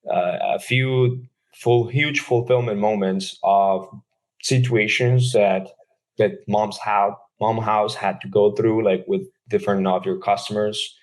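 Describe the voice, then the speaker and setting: Low-voiced man hosting an interview. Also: steady tone, slow pace, darkish tone. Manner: searching, loosely phrased questions with fillers. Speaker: podcast host. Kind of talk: casual interview questions.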